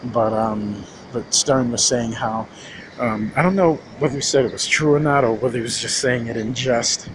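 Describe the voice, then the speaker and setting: A man's voice: medium pitch, normal speed, noisy background. A man ranting in a casual, rambling monologue, cursing often and restarting his sentences. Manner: rambling, profane, many restarts and fillers.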